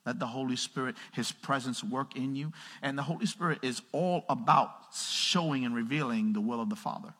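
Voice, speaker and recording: Pastor, man; sharp husky voice, call-and-response preaching, long reverb of a church hall. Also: mid-range voice, normal speed, hardly any pauses. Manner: call-and-response questions to the congregation; builds to raised, emphatic preaching. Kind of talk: sermon. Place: church sanctuary.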